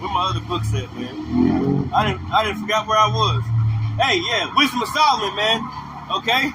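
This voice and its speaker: A man's voice: high-pitched, huge pitch swings, moderate pace, vocal fry. A man preaching outdoors on a livestream, emphatic and repetitive, in slangy casual talk that keeps ending with "man". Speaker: street preacher. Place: outdoors on a street with passing traffic. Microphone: phone or camera livestream mic. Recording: street traffic noise behind the voice.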